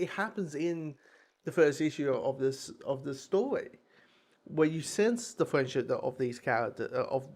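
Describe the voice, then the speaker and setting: A man giving a casual, rambling spoken review of a comic, with frequent restarts, swearing and laughing at himself. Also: medium pitch.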